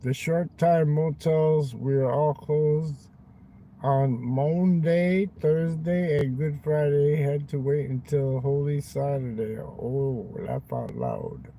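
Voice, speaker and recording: A man with a slightly high but mellow voice rambles on a live stream from his parked car at night, crude and full of swearing. Faint hiss and passing vehicles sit behind him. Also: slow pace, gravelly, poor audio.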